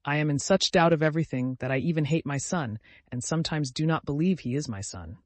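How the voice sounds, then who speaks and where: A male audiobook reader voicing a cold, formal aristocratic husband who speaks in measured, stiff sentences. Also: fairly high pitch, no room sound, lightly acted. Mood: bitter.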